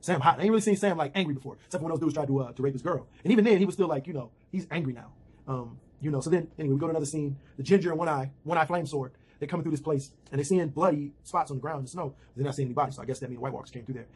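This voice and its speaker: A man's voice: a little high, rapid-fire, darkish tone, slightly rough. A man giving a slangy, rambling casual recap of a TV episode from home. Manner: slangy, rambling retelling with fillers.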